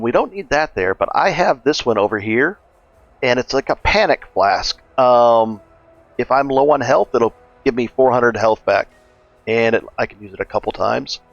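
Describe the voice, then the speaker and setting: A man casually narrating a gameplay walkthrough as a gaming guide host, relaxed and chatty, thinking aloud with fillers. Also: mid-range voice, moderate pace, no echo, muffled recording, soft background music.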